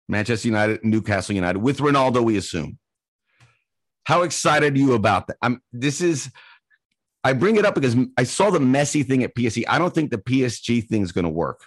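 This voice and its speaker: Man, podcast host, mid-pitched, easygoing, dry close mic. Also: animated, normal speed, dry recording. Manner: easygoing, laughs often. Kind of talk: casual podcast chat.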